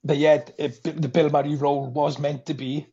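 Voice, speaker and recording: In dull lo-fi audio, a man from Wales talks as a podcast guest about a film, animatedly performing its lines. His slightly high voice is dark and a bit rough, delivered flatly at a moderate pace.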